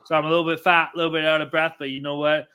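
A man co-hosting a hockey betting podcast, ranting loudly with constant profanity and brash trash talk. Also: on the high side, little pitch movement, rapid-fire, smooth. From Canada. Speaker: podcast co-host. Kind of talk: profane sports betting rant.

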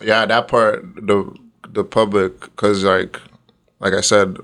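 Low, flat-voiced young man. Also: slow pace. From Nigeria. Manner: laughs often while telling a story. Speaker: guest. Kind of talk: casual storytelling interview.

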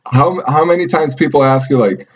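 A man's voice: moderate pace, breathy edge. A man joining a casual podcast chat as a guest, teasing and joking. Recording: dull low-fidelity audio.

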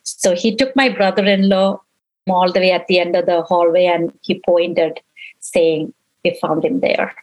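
A woman's voice: lowish voice, steady tone, measured pace, darkish tone, poor audio. A middle-aged woman, a grieving mother in an interview, recounting events and acting out the dialogue she remembers. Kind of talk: emotional personal recollection.

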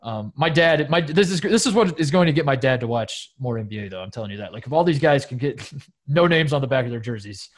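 Fast-talking joking male podcast host. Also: mid-range voice, lively intonation. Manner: joking, sarcastic, rambling with restarts. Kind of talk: casual sports chat.

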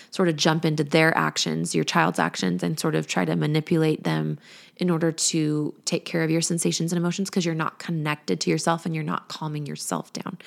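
A woman's voice: low voice, gravelly. A woman in her thirties, a parenting coach, talking candidly and chattily in a reflective podcast chat. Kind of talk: casual podcast talk.

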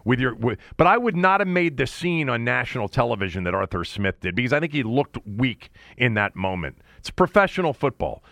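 A man's voice: mid-range voice, sing-song, fairly quick, creaky, few pauses, fairly bright tone, dry recording, studio quality. A man co-hosting a casual sports talk show, blunt and opinionated, cursing freely and restarting his sentences often. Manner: blunt, swears, many restarts. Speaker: podcast co-host.

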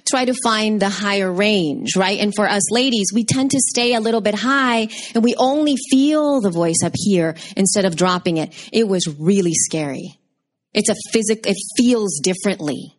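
A woman in her thirties giving a lively, conversational workshop talk and taking questions from the audience. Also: mid-range voice, moderate pace. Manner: bubbly, expressive, conversational. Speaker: workshop presenter.

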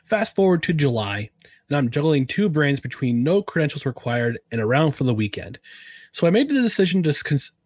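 A man's voice: a little high, sing-song, brisk, darkish tone, slightly rough, no room sound. A man hosting a casual podcast talk show, chatting loosely with many restarts while he drinks a beer. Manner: rambling, lots of restarts. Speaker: podcast host.

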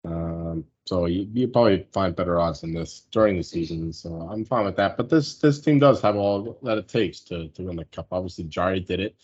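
A man's voice: deep voice, fairly quick, few pauses, darkish tone, slightly rough, dull audio. A man in casual sports betting chat, rambling loosely and swearing now and then. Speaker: sports betting podcast co-host.

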